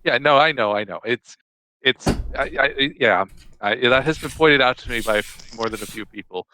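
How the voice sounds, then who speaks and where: Nerdy man podcast co-host, dry humor, bright tense tone, faint hiss behind. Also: mid-range voice, normal speed, rough recording. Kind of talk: casual chat.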